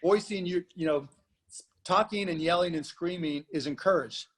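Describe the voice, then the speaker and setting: A man talking as a panel guest, his voice sitting a bit high. He speaks animatedly and slips into acting out loud, rowdy audience members. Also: normal speed. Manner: animated, acts out shouting moviegoers. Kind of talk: panel discussion.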